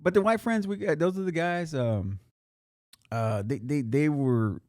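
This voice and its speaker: A man's voice: on the high side, unhurried, darkish tone, dry recording, clean studio sound. A man co-hosting a podcast in casual chat, rambling and swearing freely with lots of restarts. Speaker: podcast co-host.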